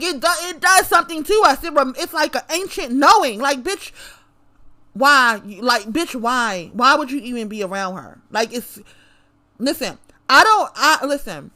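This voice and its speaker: A woman with a high, sharp, bright voice rants straight to camera. She is confrontational and profane, and she hammers her points by repeating them. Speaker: vlogger. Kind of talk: direct-to-camera rant.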